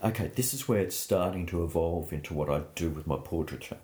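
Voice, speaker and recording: Aussie painter guy, really low voice, chatty storytelling. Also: a little fast. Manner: anecdotal, animated storytelling with laughs. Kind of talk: interview.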